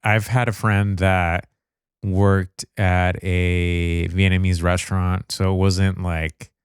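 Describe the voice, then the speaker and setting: A man co-hosting a podcast, chatting casually about a movie in a relaxed way with "you know" fillers. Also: sits low, slow, smooth, dry recording, studio quality. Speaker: podcast co-host. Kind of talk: casual movie review chat.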